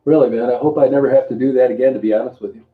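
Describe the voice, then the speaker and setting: An older man hosts a casual livestream, rambling rapid-fire in a steady, medium-pitched voice and greeting viewers by name between remarks. The sound is tinny and phone-like in an echoey room, with faint music behind him.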